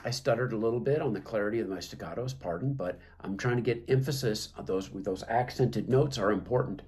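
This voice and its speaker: Low-voiced man teaching clarinet, hesitant. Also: fairly quick, darkish tone. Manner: hesitant, many fillers and restarts. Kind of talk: instructional talk.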